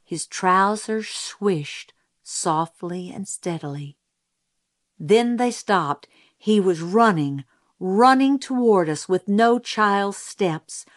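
A woman narrating an audiobook in a measured, steady storytelling manner. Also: mid-range voice.

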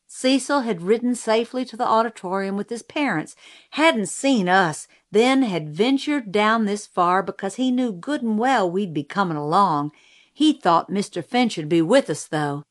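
A woman narrates a first-person novel in a measured storytelling voice. Her pitch sits in the middle, unhurried and clear. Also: animated. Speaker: audiobook narrator.

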